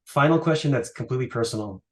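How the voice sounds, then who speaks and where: A man interviewing a guest in a relaxed conversation, asking long, rambling questions. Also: mid-range voice, quick pace. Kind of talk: casual interview.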